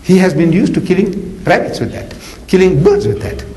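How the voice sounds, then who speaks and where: A man giving a lively storytelling lecture as an Islamic preacher, chatty with many asides. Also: high voice, normal speed, low-quality recording. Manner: animated, conversational, with frequent "you know" asides and acted voices.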